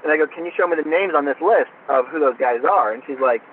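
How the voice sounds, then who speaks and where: Speaking quickly with a fairly high pitch, he's a Florida guest on an interview, loosely recounting a story and animatedly acting out what people said. The audio has a tinny phone quality and slight background noise.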